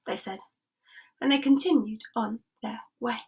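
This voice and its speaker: A woman's voice: sits high, level tone, normal speed, pushed and bright. A woman storyteller telling a sensory story expressively, dropping into whispers and inviting listeners to join in.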